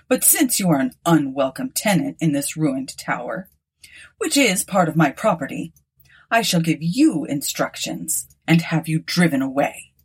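A woman's voice: low voice, sing-song, a little slow, breathy edge, exaggerated voice. A woman voicing a proud, scornful young nobleman who speaks haughtily. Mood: haughty. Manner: haughty and dismissive.

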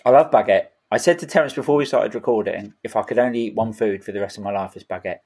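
A man's voice: on the low side, fast talker, darkish tone, breathy edge. Tipsy man ranting in mock outrage. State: drunk. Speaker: podcast co-host. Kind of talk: casual chat.

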